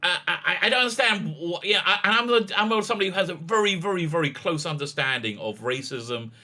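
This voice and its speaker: A man who is a rabbi, arguing politics in a halting way with many restarts, often rising into emphatic challenges. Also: sits high, lively intonation, sharp tone. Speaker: rabbi and online commentator. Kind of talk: argumentative political commentary.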